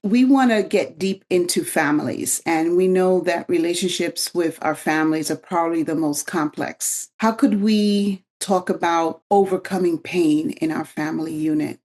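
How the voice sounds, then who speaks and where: Calm middle-aged female co-host. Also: on the low side, normal speed, few pauses. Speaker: podcast co-host. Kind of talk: interview questions.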